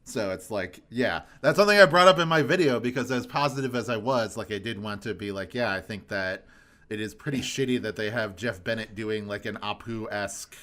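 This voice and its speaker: A man co-hosting a podcast, chatting casually in a relaxed, rambling way and laughing often. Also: fairly low pitch, brisk. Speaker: podcast co-host. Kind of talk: casual chat.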